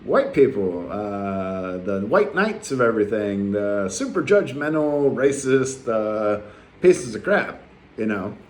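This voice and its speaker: A man's voice: on the low side, sing-song, slow pace. A man past his youth, talking bluntly in a rambling travel vlog full of fillers and restarts. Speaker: travel vlogger. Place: his apartment.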